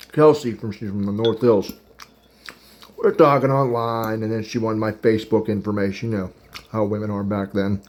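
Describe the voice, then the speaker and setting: A man's voice: medium pitch, a little mellow. Rambling man telling a dating story. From Pittsburgh area. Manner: rambling, chatty, laughs at his own story; eating while talking. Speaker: podcast host. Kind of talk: casual storytelling.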